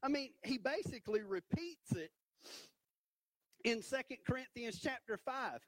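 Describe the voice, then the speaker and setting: High-voiced preacher, emphatic. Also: male voice, unhurried, no echo, low-quality recording. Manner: animated, rising to emphatic peaks with repeated "right?". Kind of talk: sermon. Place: church stage.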